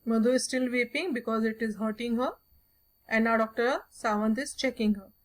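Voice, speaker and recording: Teacher lady, going through a story, says okay a lot, fairly high voice. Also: fairly even intonation, normal speed. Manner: explanatory, repeats "okay" often. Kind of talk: explaining a story lesson.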